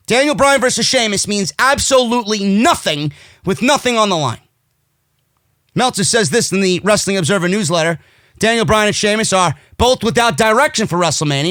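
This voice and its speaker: A man's voice: high-pitched, lively intonation, a little fast, fairly bright tone, no echo, studio quality. A man hosting a wrestling podcast, ranting with profane, sarcastic, heated commentary.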